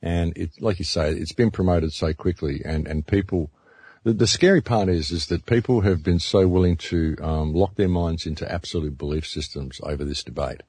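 A man's voice: low-pitched, normal speed, darkish tone, husky, no echo. A man, a radio announcer, talking earnestly in a casual discussion and often repeating words as he thinks.

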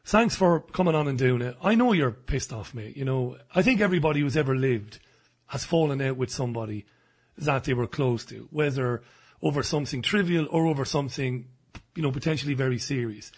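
A man hosting a radio interview, measured and conciliatory with his guest. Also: mid-range voice, breathy edge. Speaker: host.

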